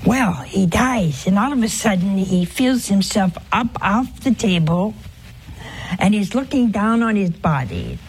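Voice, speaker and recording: A woman in an informal religious broadcast, telling a story earnestly and with emphasis, sometimes dropping to a hushed voice. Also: mid-range voice, very animated, a little slow, breathy edge. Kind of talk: informal spiritual talk with a story.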